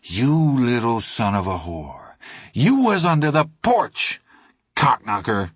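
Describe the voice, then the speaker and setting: A man's voice: mid-range voice, very animated, slow pace, slightly rough, dry recording, studio quality, exaggerated voice. A man reading an audiobook, voicing an angry older teenage boy who curses and accuses. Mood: furious. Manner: accusing, cursing. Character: furious older teen boy, bullying and accusing.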